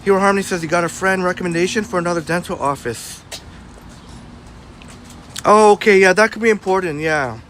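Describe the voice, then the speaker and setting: Man with a high voice, blunt and chatty, live-stream host on a city street, faint traffic behind. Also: brisk, pauses often, a bit bright. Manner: blunt, self-described hothead; chatty, reads out and answers chat. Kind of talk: casual walking live stream, chatting with viewers. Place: outdoors on a city sidewalk.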